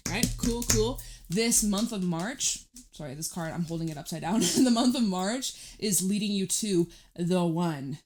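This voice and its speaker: A woman giving a tarot reading to camera, talking in a gentle, reassuring, chatty way with many fillers. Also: medium pitch, moderate pace, a little hiss or hum. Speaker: tarot reader.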